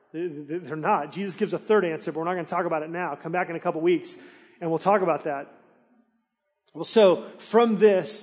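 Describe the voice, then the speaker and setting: A man preaching as a pastor in a large church hall, his voice pitched high for a man. He tells the story with lively, animated energy, slipping into the townspeople's voices. Long reverb trails each phrase. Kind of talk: sermon.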